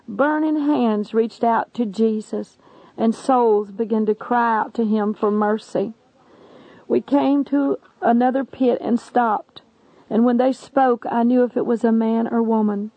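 Earnest gravelly woman preaching. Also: on the high side, steady tone, a little slow, warm tone, no echo. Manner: earnest, imploring. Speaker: evangelist. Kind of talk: testimony sermon. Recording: dull lo-fi recording.

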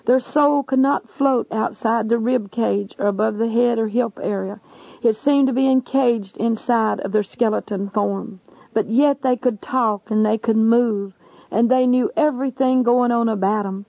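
Earnest gravelly woman preaching. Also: on the high side, measured pace, dry recording. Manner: earnest, imploring. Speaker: evangelist. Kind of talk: testimony sermon. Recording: dull lo-fi recording.

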